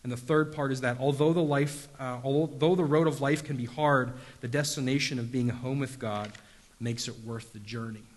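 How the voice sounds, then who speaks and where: A man's voice: mid-range voice, steady tone, normal speed. A man preaching a sermon, telling stories casually with lots of fillers and self-deprecating humor. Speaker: pastor. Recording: long hall reverb.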